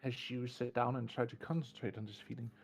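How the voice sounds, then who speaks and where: A man narrating as game master in a tabletop game, slow and descriptive, often restarting his words. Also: medium pitch, level tone, gravelly, soft background music. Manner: deliberate, descriptive, with frequent restarts.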